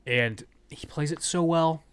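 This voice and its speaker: A podcast host with a slightly high, slightly slow, somewhat bright and smooth voice chats casually about a movie. He's enthusiastic and acts out scenes as he goes, doing the quoted lines in character voices.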